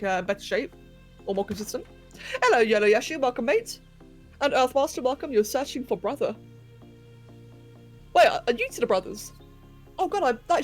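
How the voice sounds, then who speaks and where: A young woman streams a game from her bedroom and chats easily with her viewers. She giggles often and keeps up a running commentary as she builds. Her voice sits a little high, with soft music playing behind. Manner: chatty and giggly, chatting to viewers while working. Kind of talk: casual livestream chat while playing a game. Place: home bedroom.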